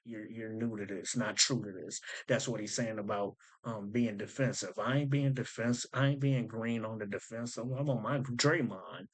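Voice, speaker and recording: A man's voice: mid-range voice, darkish tone. A man hosting a rap breakdown, explaining wordplay in casual commentary and repeating lines to unpack them.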